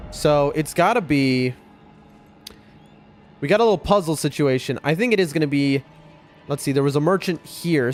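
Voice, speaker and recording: A young man streaming a game, chatting excitably to his viewers as he plays. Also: fairly high pitch. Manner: chatty, excitable, often addresses chat. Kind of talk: live gameplay commentary to chat. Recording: faint music behind voice.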